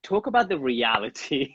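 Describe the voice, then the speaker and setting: A man's voice: sits high, a bit bright, husky, dry recording. Easygoing male host, dull lo-fi sound. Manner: easygoing, laughs along, loose rambling questions. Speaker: podcast host. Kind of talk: casual interview.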